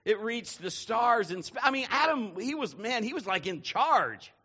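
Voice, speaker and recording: A male pastor delivers a sermon in a high, bright voice that swoops all over the place. He tells stories animatedly and climbs to shouting. The recording sounds muffled and lo-fi. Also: moderate pace, husky. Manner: animated storytelling, building to shouts.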